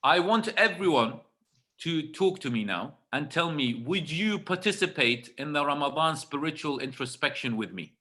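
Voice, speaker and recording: A man's voice: on the high side, expressive, normal speed, sharp tone. A man giving a religious talk on a video call, emphatic and repetitive, checking in with his listeners. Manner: emphatic, repeats phrases, asks the audience "right?". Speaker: webinar speaker.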